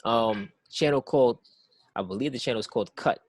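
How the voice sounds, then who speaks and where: A man's voice: medium pitch, a little fast, slight background noise. A man co-hosting a casual podcast who rambles and circles back to "it's like", often repeating words as he thinks through his point. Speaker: podcast co-host.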